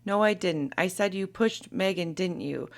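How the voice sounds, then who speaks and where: Lady reading out texts from a young woman pleading her side, lowish voice, pretty flat delivery. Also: normal speed, vocal fry. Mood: defensive. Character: young woman pleading and defending herself in an argument. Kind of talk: reading text messages aloud.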